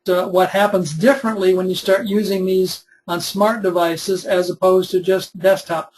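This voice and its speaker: High-voiced man teaching a webinar. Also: a little hiss or hum, rough recording. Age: 20s. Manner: conversational, explains step by step with fillers. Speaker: web development instructor. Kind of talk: recorded webinar demonstration.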